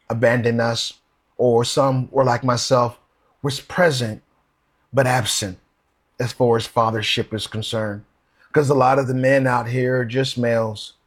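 Husky guy preaching, reads verses out and keeps asking the crowd questions. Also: medium pitch. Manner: earnest, rhetorical questions, reads verses aloud. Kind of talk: sermon with scripture reading.

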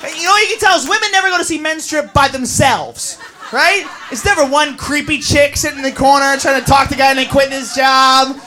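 Male stand-up comic, high, lively delivery, live club with roaring crowd. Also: a little fast, soft background music. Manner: profane, shouting, animated. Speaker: stand-up comedian. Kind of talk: stand-up comedy. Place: comedy club stage.

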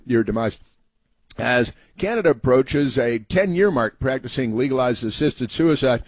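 A man's voice: medium pitch, darkish tone, no room sound. A man hosting a sarcastic monologue, reading out headlines with many fillers and restarts and mocking them. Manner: sarcastic, halting with many fillers, mimics people in raised voices.

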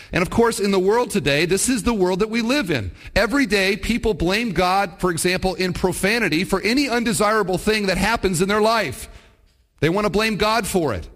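A man's voice: high-pitched, a bit bright. A man preaching a sermon in a conversational way, asking rhetorical questions as he teaches. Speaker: pastor.

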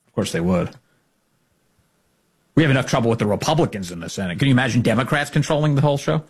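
A man's voice: medium pitch, expressive, very fast, breathy edge. A man giving sarcastic, mocking political commentary as a host.

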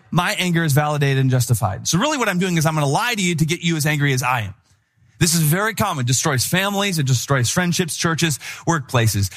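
A middle-aged man preaching a sermon in an animated, conversational way, with playful impressions of people. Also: fairly high pitch. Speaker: pastor.

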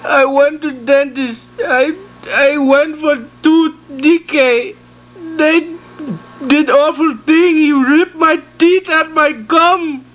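A prank caller playing a distressed male cab driver with ruined teeth, in halting broken English and panicky wails. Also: high voice, fairly even intonation, fairly bright tone, highs cut off. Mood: pleading. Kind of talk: prank phone call.

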